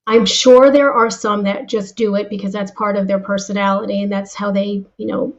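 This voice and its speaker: A woman guest in an interview who tells stories in a lively, animated way and often repeats words as she starts a sentence. Her voice sits at a middle pitch. The recording sounds a little muffled and lo-fi. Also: moderate pace. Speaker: guest, sales and leadership speaker. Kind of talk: interview answers with personal stories.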